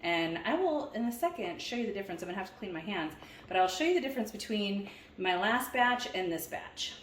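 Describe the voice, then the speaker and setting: A woman's voice: mid-range voice, lively intonation, a little fast, a little hiss or hum. Casual woman vlogger, mid-range voice, chatty and upbeat at home cooking.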